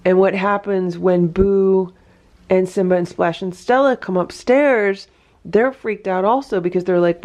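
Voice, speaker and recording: A woman's voice: medium pitch, fairly even intonation, a little slow, darkish tone. A woman vlogging casually at home about her rescue cats, explaining what they do and talking sweetly to them. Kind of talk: casual narration to camera. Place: home indoors.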